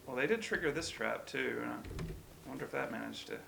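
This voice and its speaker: Let's-play host, male, wry self-mocking commentary with sudden yelps, game sounds clear behind. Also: medium pitch, a little fast, background noise. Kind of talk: gameplay commentary.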